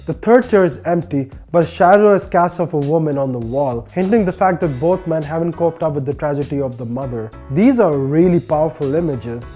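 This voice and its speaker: A man's voice: fairly high pitch, dark tone. A man hosting a film review channel, narrating a scripted review with earnest enthusiasm and chatty asides. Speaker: movie reviewer, channel host.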